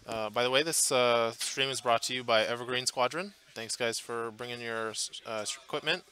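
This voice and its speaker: Bright-voiced man commentating a tabletop game. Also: mid-range voice, normal speed, slight background noise. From Portland area, US. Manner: chatty, thinking aloud with many fillers and restarts. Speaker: tournament commentator. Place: tournament hall booth.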